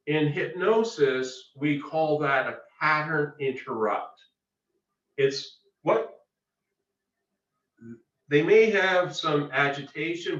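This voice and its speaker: Male trainer, deliberate and emphatic, recorded far off in a roomy space with dull audio. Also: medium pitch, fairly bright tone. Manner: slow, emphatic teaching with pauses. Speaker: workshop presenter. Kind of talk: webinar lecture. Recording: echoey, distant, dull lo-fi audio.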